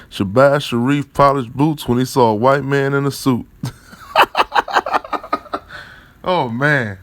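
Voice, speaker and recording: A man's voice: medium pitch, fairly even intonation, slow, long pauses, no echo. A man giving rambling, profane religious commentary on news articles, often chuckling and repeating fillers and tag questions. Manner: chuckles often while talking.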